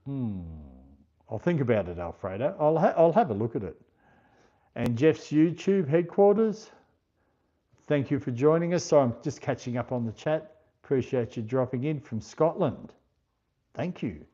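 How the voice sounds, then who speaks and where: An Australian man with a mid-range, warm and animated voice hosts a casual livestream, chatting at an unhurried, slower pace. He reads out viewer comments and thanks each viewer by name. The stream audio is dull and lo-fi.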